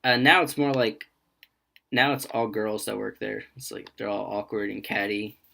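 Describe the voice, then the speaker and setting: A man's voice: on the low side, moderate pace, vocal fry, bright, forceful tone. A young man co-hosting a podcast, telling a story in a laid-back, slangy way. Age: young adult. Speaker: podcast co-host. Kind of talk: casual chat, storytelling.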